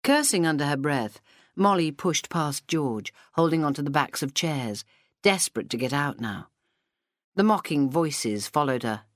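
Woman reading a novel out loud, steady pace, super dry close mic. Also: deep voice, measured pace, no echo. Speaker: audiobook narrator. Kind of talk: scripted narration. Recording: dry studio sound.

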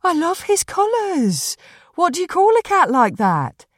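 A woman voicing an excitable woman who gushes over a cat while walking her dog. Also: very high-pitched, measured pace, no echo, studio quality, pitched above the performer's own voice, full character voice. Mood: gushing. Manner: gushing, exclamatory.

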